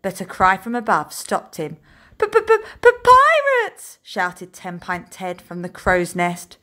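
A teacher reading a children's storybook aloud in a slow, expressive storytelling voice. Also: female voice, on the low side. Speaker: infant school teacher.

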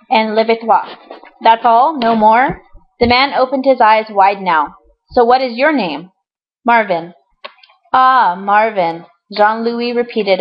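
A woman reading a children's storybook aloud with clear, even storytelling and the occasional small slip. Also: on the high side. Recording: dull lo-fi recording.

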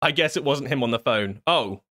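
A man's voice: mid-range voice, lively intonation, normal speed, pushed and bright. A man jokes sarcastically and swears as he talks through a horror video game, laughing often. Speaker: gaming YouTuber. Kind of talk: horror game let's play commentary.

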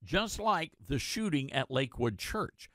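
A man's voice: a little high, sing-song, a little slow, pushed and bright, no echo, clean studio sound. A man hosting a radio talk show, delivering a sarcastic, rhetorical opinion monologue.

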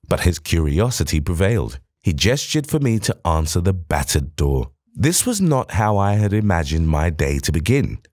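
Deep-voiced man reading an audiobook. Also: darkish tone, no echo, clean studio sound. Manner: formal, old-fashioned storytelling. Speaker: audiobook narrator. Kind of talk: scripted first-person audiobook narration.

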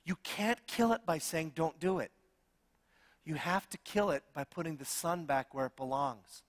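Middle-aged man, pastor, sermon; lively and jokey, higher-pitched, long hall echo. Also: moderate pace. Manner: animated, humorous, self-deprecating storytelling.

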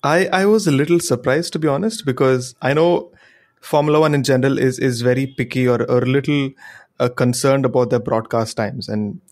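A man's voice: mid-range voice, a little fast, a little mellow. A man co-hosting a motorsport podcast who gives candid opinions in a plain, hedging way with fillers. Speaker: podcast co-host. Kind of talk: casual chat.

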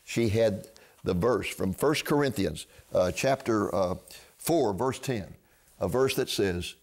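Older man, gravelly storyteller. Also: on the low side, expressive, slow. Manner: earnest storyteller, acts out quoted dialogue. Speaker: ministry founder and TV host. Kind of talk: personal testimony storytelling.

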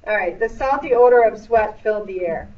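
A woman's voice: mid-range voice, fairly quick, recorded from a distance. A woman teaching a middle school English lesson in a classroom, explaining patiently with playful asides. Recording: echoey classroom recorded from afar, dull.

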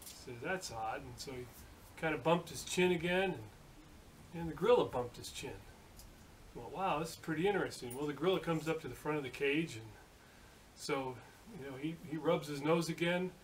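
A man in his late fifties spins a joke in a folksy, rambling way, full of fillers and restarts. His voice sits a little high. He is recorded from across a workshop, with a faint hiss underneath. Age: late 50s. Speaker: hobby machinist video host. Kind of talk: casual joke telling. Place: home workshop. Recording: distant mic with faint hiss.

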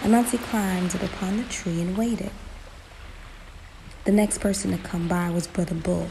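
A woman narrating a folktale in a slow, emphatic storytelling manner, in a noisy recording. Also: on the low side, steady tone, gravelly.

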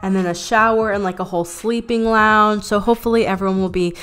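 A young woman YouTuber giving casual gameplay commentary, chatty and excitable, swearing often and mocking herself. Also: medium pitch, fast talker.

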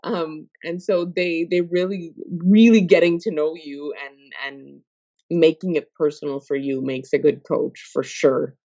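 Expressive woman guest, dull lo-fi sound. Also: sits low, unhurried, no room sound. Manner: expressive, laughs often, acts out quoted voices. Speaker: podcast guest. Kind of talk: casual conversational interview.

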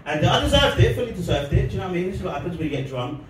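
A man's voice: on the high side, sing-song, very fast. Rambling man, echoey and distant. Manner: rambling, laughing between lines. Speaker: stand-up comedian. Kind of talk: stand-up set and comedy vlog. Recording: echoey, distant mic, noisy background.

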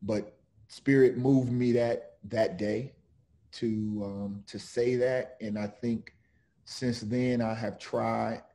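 A middle-aged man, an author and defense lawyer, speaking slowly and earnestly with many pauses, partly reading his own book aloud. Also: mid-range voice, fairly even intonation, dark tone. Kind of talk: reflective talk with read-aloud book passage.

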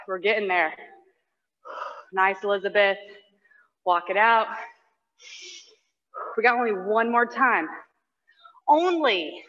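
A woman's voice: mid-range voice, steady tone, slow, pauses often, sharp tone, in a large hall. A woman fitness instructor coaching a live workout with short cues, countdowns and cheers for people by name, breathing hard as she exercises along. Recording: dull lo-fi online class audio.

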